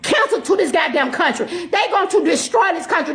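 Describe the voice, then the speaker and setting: A woman with a very high voice delivers a furious, profanity-laced rant straight to camera. She shouts in bursts, and her voice stays tearful and breaking throughout. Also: animated, brisk. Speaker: social media commentator.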